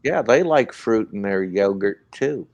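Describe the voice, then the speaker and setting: A man's voice: lowish voice, lively intonation, measured pace, darkish tone. A man, co-hosting with dry, sarcastic teasing banter. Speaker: co-host. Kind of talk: crude casual banter. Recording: dull lo-fi off-mic sound.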